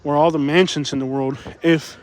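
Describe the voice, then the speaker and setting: A man's voice: on the high side, steady tone, moderate pace. A man live-streaming while walking city streets, a little out of breath, rambling and repeating himself as he reads chat aloud.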